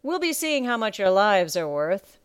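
A woman's voice: a little high, clear, resonant tone, dry recording, voice pushed up, lightly acted. A woman doing a coarse, mocking pirate captain. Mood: mocking menace. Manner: mocking, slow and menacing.

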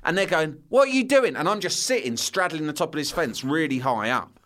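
A middle-aged man telling a story on a podcast. He is animated and swears freely. He keeps slipping into the voices of the people in his tale. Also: on the high side, fairly quick. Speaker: podcast guest. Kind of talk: casual storytelling.

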